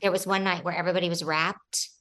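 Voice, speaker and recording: A woman talks on a video call with a bright, forceful voice. She tells her stories with animation, jumping into the voices of the people she quotes. The tone is casual, like an interview chat. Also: on the low side, fast, rough recording. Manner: animated storyteller, acts out quotes. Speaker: actor guest.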